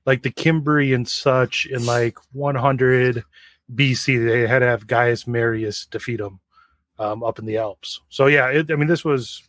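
A man's voice: medium pitch, steady tone, a little slow, a bit bright, dry recording. A man co-hosting a casual podcast, explaining history details in a wry, nerdy way. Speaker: podcast co-host. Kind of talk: casual review chat.

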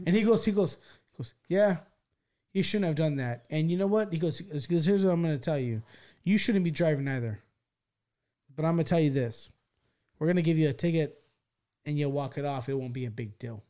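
A man's voice: on the high side, brisk, pauses often. A man on a podcast telling a wild story in rambling, profane casual talk, full of restarts and acted-out quotes. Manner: animated, acts out quoted voices.

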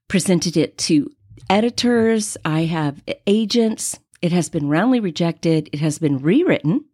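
Woman, 60s, podcast host, lively storyteller, dry close mic, faith talk. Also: mid-range voice, no room sound. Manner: animated personal storytelling. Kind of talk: faith-based podcast monologue.

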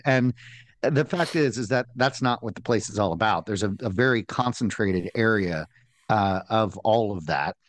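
A man's voice: lowish voice, normal speed, no room sound. A man co-hosting a casual podcast, chatting wryly with frequent ums. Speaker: podcast co-host. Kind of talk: casual chat.

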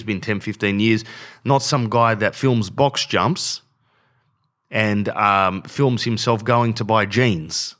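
A man's voice: on the low side, a bit bright. A man ranting bluntly in slangy casual talk, often saying "bro", as a podcast host. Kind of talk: casual rant.

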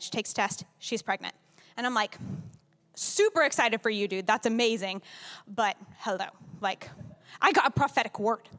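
A woman's voice: a little high, fairly bright tone. A young woman giving a personal church testimony to a congregation, talking candidly and emotionally in a casual way. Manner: candid, conversational, emotional storytelling with many "like"s. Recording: long reverb of a large hall.

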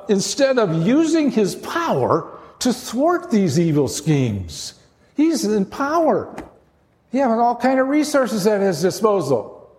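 Slow, animated male preacher in a hall. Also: high-pitched. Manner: earnest, slow preaching with emphatic rises. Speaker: pastor. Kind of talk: sermon.

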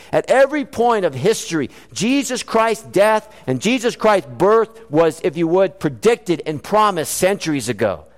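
A man preaching a sermon in a church, earnest and animated, mixing scripture references with joking asides. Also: sits high. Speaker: pastor. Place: church sanctuary. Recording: long hall reverb.

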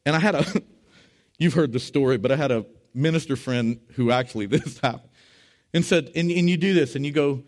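A man preaching a sermon as pastor, telling stories with humor and swinging between loud bursts and hushed asides. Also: medium pitch, fairly quick. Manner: tells stories with humor and acts out quotes.

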